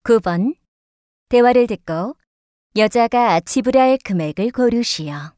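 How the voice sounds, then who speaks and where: Woman reading exam directions super fast, higher voice, dry sound. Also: expressive, a little mellow. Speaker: exam announcer. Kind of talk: reading test instructions.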